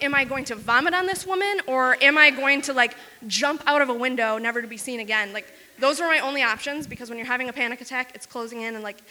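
A woman from Wisconsin telling a self-mocking story on stage, fast and full of "like". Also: high voice, sharp tone, big-room sound. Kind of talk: live comic storytelling.

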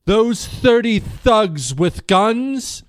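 A male radio host delivers a dramatic monologue into a studio mic, dropping to a hush and then pressing hard. His voice sits a little high, and the sound is dry and close. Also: expressive, very slow, clean tone, no room sound. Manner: dramatic storytelling, shifting between hushed and emphatic. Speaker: radio talk show host. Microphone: studio microphone.

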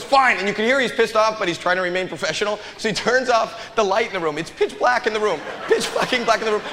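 A man's voice: high-pitched, long reverb tail, background noise. A man doing stand-up comedy on a stage, telling a long story with stammered repeats and chuckles. An audience laughs behind him. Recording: live club with crowd.

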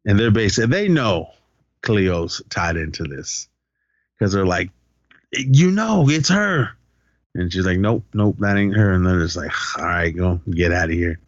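In this muffled, echo-free recording, a man co-hosting a podcast casually retells a film, performing the characters' quotes and swearing as he goes. His low voice is expressive and a little slow.

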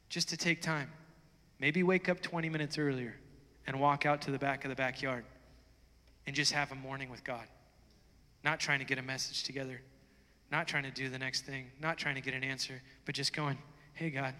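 A man preaching a sermon, chatty and plainspoken, then swelling into loud, fervent stretches. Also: on the high side. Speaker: pastor. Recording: long reverb of a large hall.

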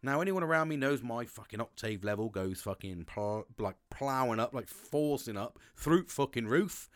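A man, talking candidly and excitably to camera, swearing constantly and restarting sentences. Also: normal speed. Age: 40s. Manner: swears constantly, animated, pitch jumps with excitement. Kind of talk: candid monologue.

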